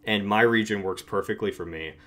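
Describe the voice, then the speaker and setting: A man's voice: on the low side, a little fast, a bit bright. A young man hosting a casual livestream chat, rambling with many restarts and frequent laughs. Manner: rambling, self-interrupting, laughs often. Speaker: channel host.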